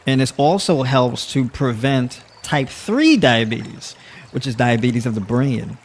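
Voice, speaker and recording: A man's voice: mid-range voice, a little slow, slight background noise. A man hosting a casual livestream, talking to his viewers, laughing often and using plenty of filler words. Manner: addresses audience with y'all. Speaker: livestream host. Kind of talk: casual livestream talk to the chat.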